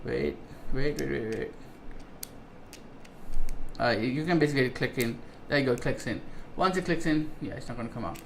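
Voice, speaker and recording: A man's voice: mid-range voice, animated, fast talker, hardly any pauses, a bit bright, a little hiss or hum. A man vlogging an unboxing of computer parts in enthusiastic, rambling casual chat, with many ums and restarts. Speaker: tech vlogger.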